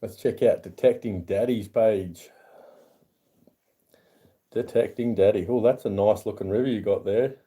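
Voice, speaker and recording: Very dark-voiced Australian man. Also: unhurried, long pauses. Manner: reads chat aloud, greets viewers in a raised, higher voice. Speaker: livestream host. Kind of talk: casual livestream chat.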